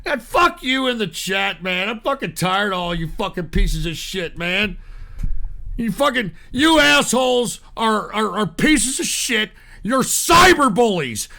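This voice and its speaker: A man's voice: very high-pitched, lively intonation, normal speed, creaky, bright, forceful tone. A man hosting a live call-in show, ranting angrily and swearing at his chat. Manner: angry, profane, ranting at chat.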